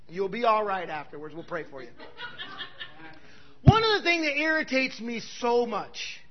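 Pastor, male, very high voice, bold conversational sermon delivery, dull lo-fi recording. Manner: bold, conversational preaching with frequent "right?" asides; swings from loud exclamations to quiet asides.

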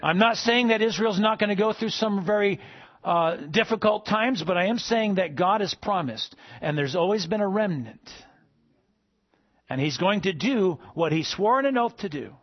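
A man preaching a sermon to a congregation, rising to emphatic peaks and then dropping soft. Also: high voice, lively intonation, moderate pace, dry recording, highs cut off. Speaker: pastor.

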